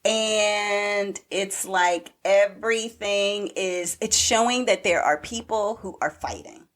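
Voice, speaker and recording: A woman co-hosting a podcast, chatting casually and retelling a TV episode in an animated way with acted-out quotes. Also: mid-range voice, slow. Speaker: podcast co-host. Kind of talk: casual chat recapping a TV show.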